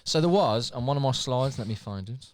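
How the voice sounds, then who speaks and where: A man's voice: medium pitch, animated, brisk, no room sound. Guy cohosting a podcast, swears a lot, jokey, dry close sound. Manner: sweary, joking, laughs a lot. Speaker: podcast co-host. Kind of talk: casual comedic chat.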